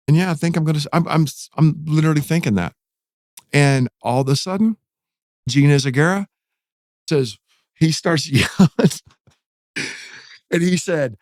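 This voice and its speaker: Animated pastor telling a story. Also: male voice, moderate pace, pauses often, dry recording, studio quality. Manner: animated, acts out quotes with rising pitch. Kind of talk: storytelling in a podcast interview.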